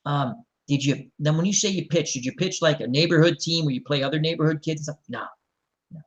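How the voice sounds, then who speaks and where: A middle-aged man hosting a casual chat, telling a long story in a rambling, animated way and acting out the quotes. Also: fairly high pitch, brisk, low-quality recording. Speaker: show host.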